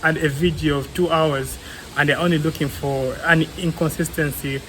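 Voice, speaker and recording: A man's voice: a little high, steady tone, normal speed, fairly bright tone, slight background noise, poor audio. A young man with a Ugandan English accent, co-hosting a casual discussion podcast and arguing his view earnestly with everyday examples and many fillers. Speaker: co-host, clinical psychologist.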